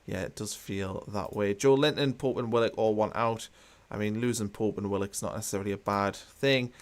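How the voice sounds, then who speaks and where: A man's voice: on the low side, steady tone, fairly quick. A man hosting a football watchalong, chatting casually with many fillers and restarts while he reads out live comments.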